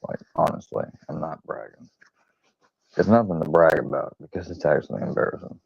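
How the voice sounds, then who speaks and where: A man's voice: very deep voice, expressive, brisk, vocal fry, husky, dry recording. A man hosting his own channel, telling a rambling, profane, self-deprecating story in casual chat. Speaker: channel host. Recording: dull lo-fi recording.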